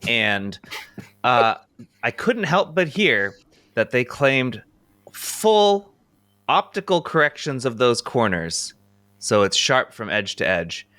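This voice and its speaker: A man hosts a casual podcast chat with a bright, forceful voice. His sound is close and dry, with no room around it. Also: mid-range voice, big pitch swings, slow, no echo. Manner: steers the talk, reads quotes aloud. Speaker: podcast host.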